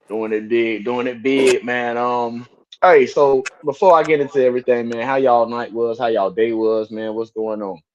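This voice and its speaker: A man's voice: mid-range voice, steady tone, normal speed, lo-fi sound, a little hiss or hum. A man hosting a casual live-stream talk show in a laid-back way, repeating his phrases. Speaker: podcast host.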